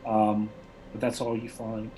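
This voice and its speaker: Rambling male game master, low voice. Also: completely flat delivery, a little slow, noisy background. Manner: rambling, many fillers and restarts. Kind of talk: narrating a tabletop game.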